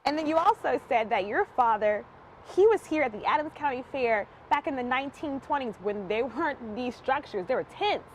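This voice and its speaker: High-voiced young woman reporting live from a fair. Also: expressive, moderate pace, a little hiss or hum. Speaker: field reporter. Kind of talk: live TV field interview. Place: outdoor county fair barns.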